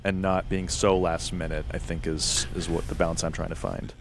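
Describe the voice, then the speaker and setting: A man with a deep voice hosts a casual interview, musing out loud and often restarting his sentences. A faint noise sits under the recording. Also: little pitch movement, moderate pace. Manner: thinking aloud, hesitant restarts. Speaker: podcast host, actor.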